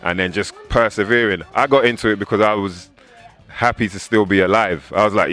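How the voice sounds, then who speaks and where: A low-pitched man with an English accent talks through his story in a loose, conversational way. He often slips into other people's voices to act out what they said, keeping an easy interview pace. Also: fast talker, soft background music. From England. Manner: animated storyteller, acts out quoted voices. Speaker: rapper. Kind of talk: casual interview talk.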